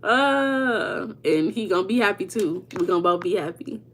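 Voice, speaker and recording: A woman hosting a casual livestream. She chats with viewers by name, laughs often and slips into a relaxed teaching talk. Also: medium pitch, normal speed. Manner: chatty, reads out viewers' names and answers them. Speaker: livestream host. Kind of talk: informal teaching on mindset.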